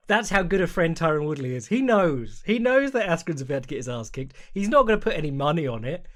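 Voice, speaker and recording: A man's voice: on the high side, sing-song. Chatty man hosting a podcast. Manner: rambling, chatty, quick asides and laughs; mimics people in quoted voices. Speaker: podcast host. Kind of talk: solo podcast, reading listener questions.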